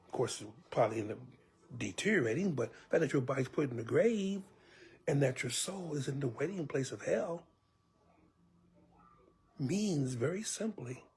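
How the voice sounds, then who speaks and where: With a fairly high pitch and a breathy edge, a man preaches as a church elder. He tells the sermon vividly, often lowering to a hushed whisper with pleading asides.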